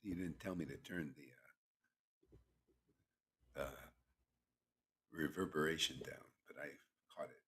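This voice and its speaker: A man's voice: very deep voice, measured pace, pauses often, pushed and bright. A man hosting a devotional livestream who preaches in a casual, slangy, teasing way and laughs often. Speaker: spiritual teacher hosting a chanting session.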